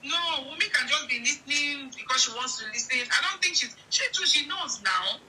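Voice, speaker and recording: A woman's voice: sits high, lively intonation, brisk, far from the mic, a crowd in the background, poor audio. A Nigerian woman co-hosting a heated commentary chat, firing off indignant rhetorical questions.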